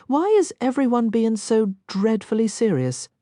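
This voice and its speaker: A woman voicing a soothing, cheerful southern-belle mother, lilting and lively, storybook figure. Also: fairly high pitch, a little slow, no room sound, studio quality, pitched above the performer's own voice. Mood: light. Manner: coaxing, affectionate. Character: warm, cheerful middle-aged mother, soothing.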